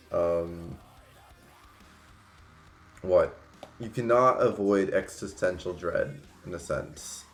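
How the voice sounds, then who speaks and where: A man's voice: deep voice, takes it slowly, vocal fry, pauses often, roomy sound, soft background music. A man in his twenties telling rambling stories on a casual livestream, full of fillers and restarts. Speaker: streamer.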